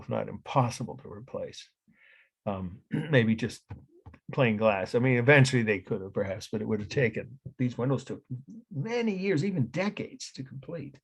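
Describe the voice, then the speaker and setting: A middle-aged man gives a classroom art history lecture in a low, gravelly voice with a husky edge. He explains at length, often correcting himself mid-sentence and wandering into asides before returning to the point. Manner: rambling, self-correcting explanations with frequent asides.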